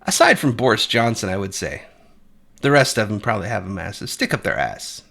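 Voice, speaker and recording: A man's voice: on the low side, very animated, fairly quick, vocal fry, a bit bright. A man giving blunt, profane, opinionated commentary, rambling with frequent restarts. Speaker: commentary channel host.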